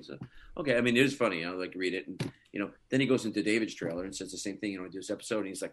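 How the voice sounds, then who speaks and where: Interviewed as a guest, a male actor with a low voice talks rapid-fire, telling stories chattily with lots of fillers and frequent laughs in a casual conversation.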